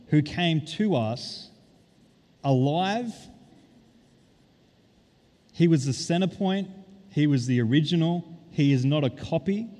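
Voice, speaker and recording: A man preaching a sermon as pastor, stressing key words and drawing them out slowly. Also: fairly high pitch, dark tone. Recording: long reverb of a large hall.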